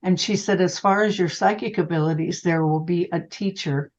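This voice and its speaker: An animated older woman, a psychic medium, tells an interviewer a personal story and calls the listener honey. She has a lowish voice at a moderate pace, and the audio is dull and lo-fi.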